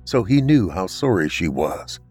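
A man narrating a scripted horror story in a measured, grave delivery. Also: sits low, very animated, darkish tone, husky, faint music behind. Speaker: podcast narrator.

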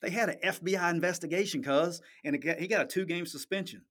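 A man's voice: high voice, fast, a bit bright. A man hosting a podcast, talking sports in a blunt, emphatic, profane way and often checking "okay?". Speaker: podcast host. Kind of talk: casual sports talk.

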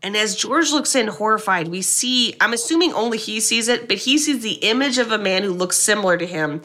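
A woman with a bright, clear voice retells a horror film for her co-host. She talks in an animated, sarcastic way, swearing now and then in casual podcast chat. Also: medium pitch, a little fast. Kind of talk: casual movie recap chat.

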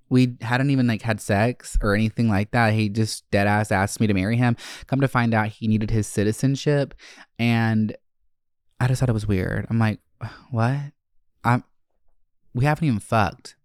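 A man hosting a podcast, telling stories in a brash, profane, animated way and acting out quotes. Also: on the low side, clean tone, dry recording, clean studio sound. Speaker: podcast host. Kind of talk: casual storytelling chat.

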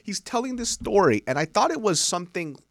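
A young adult man from the United States, a podcast host telling stories in casual comedy chat, animated and peppered with "like" and "right?". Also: high-pitched, fairly quick, noisy background. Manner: animated storyteller, lots of "like" and "right?".

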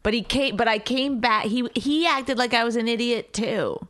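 A woman co-hosting a casual comedy podcast, teasing and giggly, talking in halting runs with many restarts. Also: a little high. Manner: teasing, giggly, with sudden loud mock voices. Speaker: podcast co-host.

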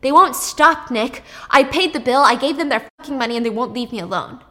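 A woman's voice: fairly high pitch, lively intonation, fairly quick, bright, forceful tone. A woman voicing a panicked, paranoid young man who swears and lashes out while retelling a story. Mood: frantic. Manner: frantic, swearing, accusing.

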